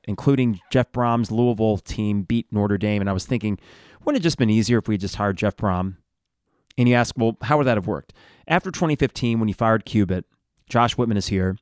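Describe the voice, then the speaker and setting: In studio-quality sound with no room noise, a middle-aged sports podcast host casually reads out listener comments in succession. His medium-pitched voice is conversational, and he drops wry asides along the way.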